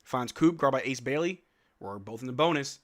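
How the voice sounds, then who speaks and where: A young man hosting a live stream watch-along, giving excited fan play-by-play commentary and trash-talking players. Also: mid-range voice, normal speed. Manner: excitable, shouts and laughs at big plays, trash-talks players.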